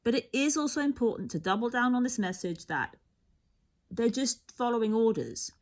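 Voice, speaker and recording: Woman, tarot reader, rambling and musing, self-interrupting, animated pitch, occasional near-whisper. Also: normal speed. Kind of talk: tarot reading monologue.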